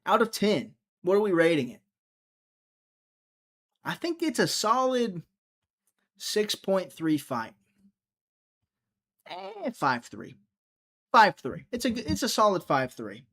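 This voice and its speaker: A man's voice: high-pitched, very animated, measured pace, pauses often, a bit bright. Chatty man rambling to his stream chat. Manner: rambling, joking, talking straight to chat. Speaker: livestream host. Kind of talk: casual livestream chat, reading viewer comments.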